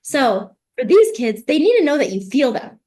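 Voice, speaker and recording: A woman parenting coach explaining advice in conversation, lively, often acting out what parents and kids say. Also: high voice, normal speed. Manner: animated, acts out parent and child voices.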